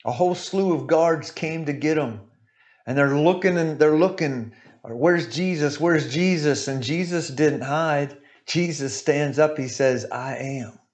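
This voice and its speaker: A male preacher with a fairly high voice delivers an emphatic sermon. He hammers his points through repetition and keeps checking in with "right?" and "okay?". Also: measured pace, a little mellow. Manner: emphatic, repeats points, asks "right?" often.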